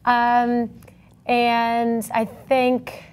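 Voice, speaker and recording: A woman with a New York accent co-hosting a casual talk show, chatty and quick to laugh. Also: on the high side, completely flat delivery, a little mellow, clean tone. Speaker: co-host. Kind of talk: casual chat.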